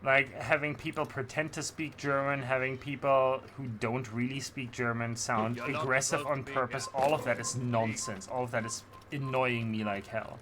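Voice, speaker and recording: A man's voice: medium pitch, fairly even intonation, normal speed, few pauses, noisy background. A man streaming a video game, rambling in passionate, opinionated casual commentary. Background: game music.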